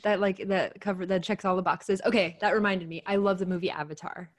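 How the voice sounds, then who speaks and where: A woman co-hosting a relaxed podcast, her voice a little stuffy from a cold. She chats easily, laughs often and trails off while hunting for words, in a middle pitch. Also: a little fast. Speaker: podcast co-host. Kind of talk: casual chat.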